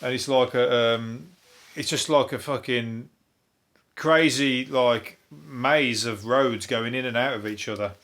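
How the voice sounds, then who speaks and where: A man's voice: medium pitch, fairly even intonation, takes it slowly, a bit bright. A man with a Birmingham accent, a comedian hosting a rambling, sweary comic news monologue. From Birmingham, England. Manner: sweary, laughing, digressive. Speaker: comedian host.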